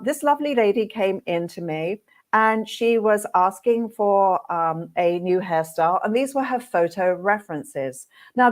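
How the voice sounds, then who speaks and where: In this webinar, a hairdressing educator, a middle-aged woman, shares stories with hairstylists. Her voice sits in the mid-range, and she's an animated narrator who performs her own reactions.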